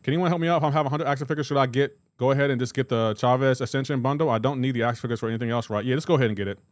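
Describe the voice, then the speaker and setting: A male game streamer talks casually on a livestream, rambling through jokes and calling out chat viewers by name. His voice sits at an ordinary middle pitch. The recording is dry and close, with no room echo. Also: rapid-fire.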